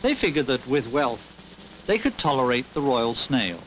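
Lively, wry storybook narrator, man. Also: medium pitch, normal speed, slight background noise, low-quality recording. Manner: expressive, wry, storyteller's asides. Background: background music.

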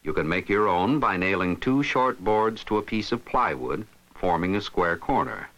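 A man with a somewhat low voice narrates an instructional film. His delivery is scripted and methodical, with a lively, rising and falling pitch as he explains each step. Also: moderate pace, poor audio.

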